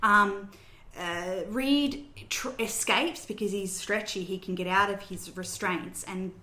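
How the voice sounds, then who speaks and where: A woman's voice: medium pitch, slow pace, bright, forceful tone. A woman hosting a podcast, chatting casually and retelling a film's plot scene by scene. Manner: chatty, storytelling recap with fillers. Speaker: podcast host recapping a film. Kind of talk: casual chat. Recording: roomy echo.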